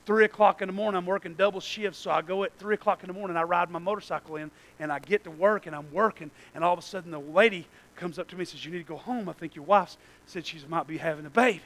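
Male pastor in a church, very high bright voice, storytelling sermon that drops to a hush and rises to shouts. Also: fast talker, hardly any pauses, poor audio. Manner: storytelling, swings from hushed to shouting.

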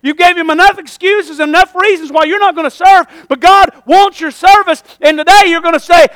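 A man's voice: extremely high pitch, steady tone, brisk, few pauses, fairly bright tone, no room sound. A man preaching a fervent sermon as pastor, calling for amens and using folksy slang.

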